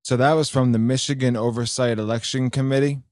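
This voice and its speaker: A man's voice: medium pitch, steady tone, fairly quick, darkish tone, no room sound, clean studio sound. A man hosting a podcast, talking casually and indignantly about politics with many fillers. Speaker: podcast host.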